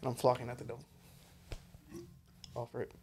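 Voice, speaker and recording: A man co-hosting a paranormal podcast, joking in quick slangy asides. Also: mid-range voice, completely flat delivery, warm tone, slight background noise. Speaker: podcast co-host. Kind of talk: casual chat.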